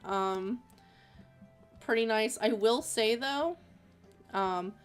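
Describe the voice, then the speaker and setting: A woman's voice: on the high side, very slow, smooth, soft background music. A woman streaming as an artist, chatting casually while drawing, rambling with lots of fillers.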